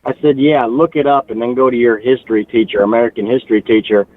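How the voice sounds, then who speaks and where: A man calling in to a talk show, telling a story with animated asides and mimicking relatives. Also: medium pitch, fast. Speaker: caller. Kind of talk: casual phone-in chat. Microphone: phone. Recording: tinny phone line with faint hiss.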